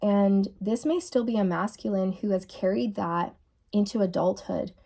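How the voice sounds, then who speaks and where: A woman giving a channeled tarot reading to her viewers, musing softly and repeating key phrases. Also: medium pitch, moderate pace, gravelly. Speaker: tarot reader.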